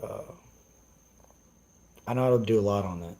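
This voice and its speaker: A man's voice: fairly low pitch, moderate pace, mellow, rough recording. A young man on a casual live stream, ranting brashly and cursing as he answers his chat. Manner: profane, brash, trash-talking.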